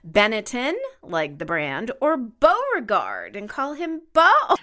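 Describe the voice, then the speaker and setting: A woman's voice: a little high, huge pitch swings, takes it slowly, pushed and bright. A woman co-hosting a casual podcast chat, reading out listener suggestions and spelling names letter by letter. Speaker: podcast co-host.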